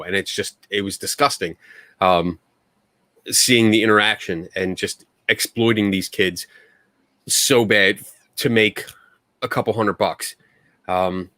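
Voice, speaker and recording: A man's voice: fairly low pitch, steady tone, unhurried, pushed and bright, no echo. Man, podcast co-host, heated rant, curses, dry close sound. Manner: heated, ranting, swears and laughs it off. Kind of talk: casual panel chat.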